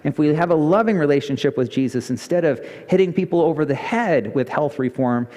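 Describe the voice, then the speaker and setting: A male pastor preaching a sermon, telling a story with lively emphasis and pitch jumps. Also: fairly quick. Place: church sanctuary. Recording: church hall reverb.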